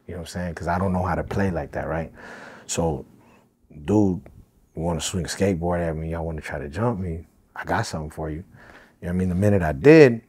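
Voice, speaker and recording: A man's voice: sits low, a little mellow, breathy edge. A man as a podcast guest, telling a story in casual, profane street talk full of fillers.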